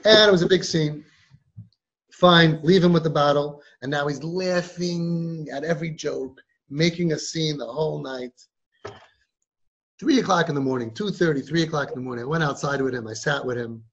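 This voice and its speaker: A man's voice: on the high side, moderate pace, fairly bright tone, highs cut off. A man hosting a parenting podcast, telling a story with drama and acting out the quoted voices. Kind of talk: animated storytelling to an audience.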